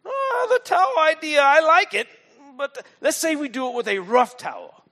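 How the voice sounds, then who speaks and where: A man voicing a group of scheming ancient male lawmakers in a put-on accent, excitedly egging each other on. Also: very high voice, normal speed, long reverb tail, voice pushed up, full character voice. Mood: gleeful.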